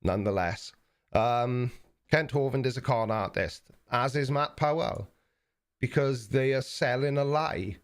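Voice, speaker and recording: A South Welsh man chats through a live stream at a middling pitch, halting and repeating his words as he goes. His tone is blunt and mocking, in a loose, unscripted flow. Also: clear, resonant tone. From South Wales. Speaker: YouTube live stream host. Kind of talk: casual live stream chat reading viewer messages.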